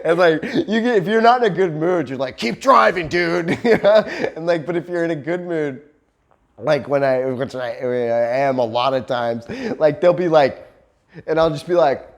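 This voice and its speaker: A man's voice: a little high, normal speed, a little mellow. A man telling a casual story for a vlog, laughing often, swearing freely and acting out other people's voices. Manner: laughing often, loose and profane, acts out voices. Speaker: vlogger. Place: living in Cambodia.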